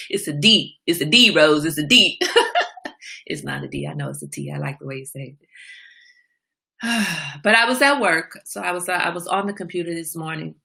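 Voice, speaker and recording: Bright-voiced woman hosting a casual chat stream. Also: fairly low pitch, moderate pace, creaky, pauses often. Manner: animated storytelling with frequent laughter; candid, confiding. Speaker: livestream host.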